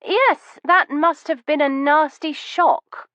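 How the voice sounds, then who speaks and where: A woman voicing a bold, sharp-witted Victorian adventuress who speaks coolly and pointedly. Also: fairly high pitch, sing-song, normal speed, no echo, highs cut off, pitched above the performer's own voice. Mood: probing. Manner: cool, pointed, mock-sympathetic. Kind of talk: audiobook reading.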